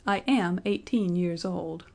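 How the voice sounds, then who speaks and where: A woman reading aloud, voicing Benjamin Button, a man who looks old but insists he is eighteen, in a firm, slow, insistent manner. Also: medium pitch, lively intonation, a little mellow.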